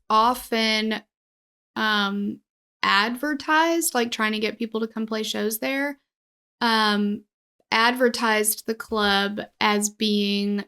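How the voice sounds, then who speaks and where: A woman's voice: fairly high pitch, steady tone, slow, pushed and bright, clean tone. A woman with a slight cold co-hosting a casual true-crime podcast, making wry, emphatic asides. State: slight cold, itchy nose. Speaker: podcast co-host.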